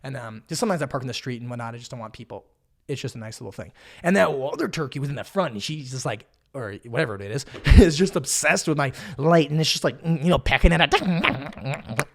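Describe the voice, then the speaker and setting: A man tells a story in a comic podcast monologue, animated and excitable. He swears freely. His pitch leaps high and drops low all the time. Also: brisk, gravelly. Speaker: podcast host.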